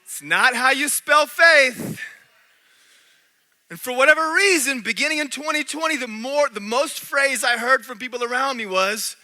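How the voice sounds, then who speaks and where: A man preaching a sermon in a church, animated, swinging between loud and hushed. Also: very high voice, moderate pace. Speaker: pastor.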